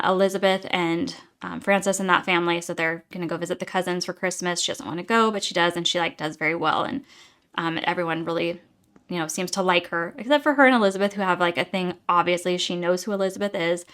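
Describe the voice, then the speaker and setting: A woman's voice: fairly low pitch, fairly even intonation, fairly quick, a bit bright. A young adult woman giving a casual, exasperated book review, talking chattily with many fillers.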